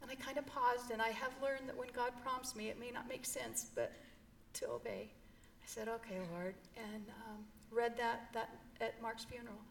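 A woman's voice: a little high, steady tone, moderate pace, creaky, hardly any pauses, slight background noise. A middle-aged woman telling an emotional personal story in an interview, earnest and heartfelt. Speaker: guest.

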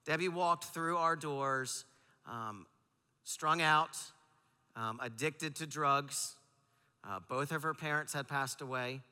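Bright-voiced man preaching in a reverberant hall. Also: on the high side, takes it slowly, clean tone. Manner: earnest, storytelling with frequent fillers. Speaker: pastor. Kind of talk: storytelling sermon. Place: large church auditorium.

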